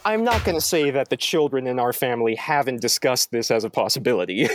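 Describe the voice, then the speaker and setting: Young man, from Canada, casual storytelling, animated, jumps up high for quoted lines. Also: fairly quick, slight background noise. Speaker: storyteller guest. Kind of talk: casual anecdote telling.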